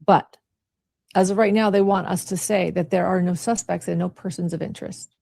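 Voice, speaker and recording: A woman's voice: fairly low pitch, steady tone, fairly quick, gravelly, dark tone, no echo, clean studio sound. A woman reporter giving a firm, emphatic live stream update on a criminal case. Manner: firm and emphatic, repeats the key point. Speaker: crime reporter. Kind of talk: live stream news commentary.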